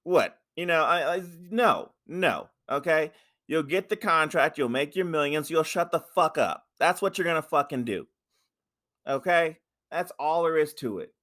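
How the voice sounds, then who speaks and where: A man co-hosting a casual podcast, ranting loudly with lots of swearing and restarts. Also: fairly high pitch, expressive, measured pace. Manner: ranting, profane, repeats himself. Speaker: podcast co-host. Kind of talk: casual wrestling chat.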